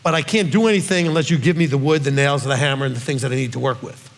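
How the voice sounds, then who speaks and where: A man, a rabbi, teaching in a relaxed Q&A, stressing each point and checking in with "okay?". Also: medium pitch, fast, vocal fry, in a large hall. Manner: emphatic, ends points with "okay?". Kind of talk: conversational Bible teaching.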